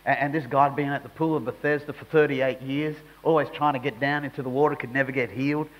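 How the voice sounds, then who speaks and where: A man's voice: mid-range voice, steady tone, fast, muffled recording. A man preaching a sermon in a conversational way that rises into emphatic bursts.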